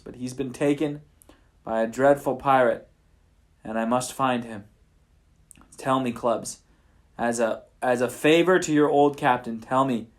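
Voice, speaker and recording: A man voicing an earnest reformed pirate captain in a bedtime story, speaking haltingly and with feeling. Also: medium pitch, natural voice.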